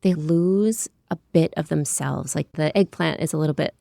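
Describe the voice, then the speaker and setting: Woman, American accent, low voice, gravelly, chatty interview guest, dry close mic. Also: normal speed, dark tone, no room sound. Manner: chatty, descriptive, frequent "like" and "you know". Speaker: cookbook author guest. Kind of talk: conversational interview.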